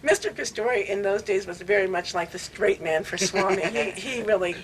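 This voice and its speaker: A woman in her sixties telling animated, laughing stories with many restarts in casual conversation. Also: mid-range voice, brisk, over a noisy crowd, rough recording. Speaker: longtime devotee recounting memories. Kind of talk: casual storytelling.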